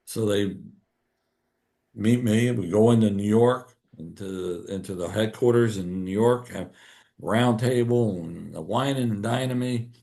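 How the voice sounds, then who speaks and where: A man's voice: lowish voice, a little slow, creaky. A man, a podcast guest telling a story and acting out the dialogue in it. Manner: animated, acts out quoted dialogue. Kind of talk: casual storytelling.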